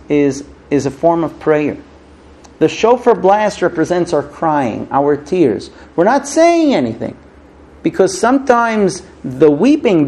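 Middle-aged non-native English-speaking man, gravelly, a touch high for a man, halting storyteller giving a casual sermon. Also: mellow. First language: not English. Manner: halting restarts, storytelling, acts out quoted voices. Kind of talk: informal sermon with stories.

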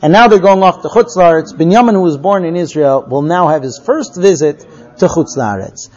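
High-voiced man retelling scripture. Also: brisk. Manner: animated retelling, frequent checking "right?". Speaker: religious teacher. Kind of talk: storytelling scripture lesson. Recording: dull lo-fi recording.

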